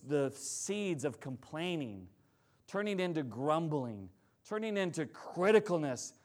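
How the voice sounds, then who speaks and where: A middle-aged male pastor preaching a sermon in a conversational, joking, animated way. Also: a little high.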